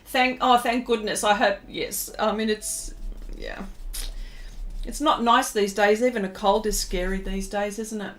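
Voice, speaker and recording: A middle-aged Australian woman chats in a slow, unhurried way as she draws on a live stream. She rambles from one thought to the next and laughs often, and her voice sits at an ordinary middle pitch. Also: steady tone, a bit bright. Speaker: pastel artist streaming live. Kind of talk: casual livestream chat while drawing.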